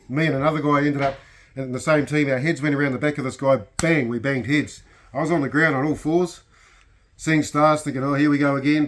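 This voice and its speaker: Kiwi bloke, slightly high voice, swearing storyteller, casual and lively. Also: male voice, slight background noise. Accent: New Zealand. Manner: animated yarn-spinner, swears freely. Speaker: friend telling stories.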